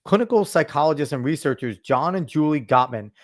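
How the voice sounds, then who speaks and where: Male podcast host, a bit high-voiced, blunt and foul-mouthed, pitch leaping all over while he rants. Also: lively intonation, brisk. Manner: blunt, profane ranting; emphatic, lectures the listener. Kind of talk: casual podcast commentary.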